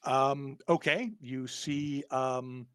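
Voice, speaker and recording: A man acting as game master for a tabletop horror game, describing scenes in a halting way with many ums and restarts. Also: medium pitch, fairly even intonation, smooth, dry recording, studio quality.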